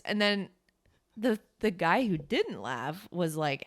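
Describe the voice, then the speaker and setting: A woman's voice: mid-range voice, lively intonation, slow pace, fairly bright tone. A young woman co-hosting a podcast, telling a bar story in casual chat, swearing and acting out quotes. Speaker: podcast co-host.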